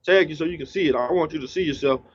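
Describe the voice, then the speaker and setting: A man's voice: a little high, rapid-fire, slightly rough. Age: adult. Sex: man. Role: guest DJ. Style: laid-back slangy interview talk. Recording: slightly dull lo-fi. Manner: laid-back, slangy, eating while talking.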